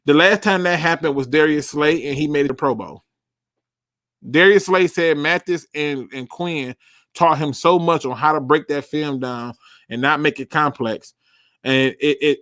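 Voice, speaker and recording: A young man with a fairly high voice hosts a casual live sports talk show, answering chat with blunt, emphatic opinions and the odd curse. He hammers his points home by repeating words. The recording is dry and close, with no room sound. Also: a bit bright, dry recording.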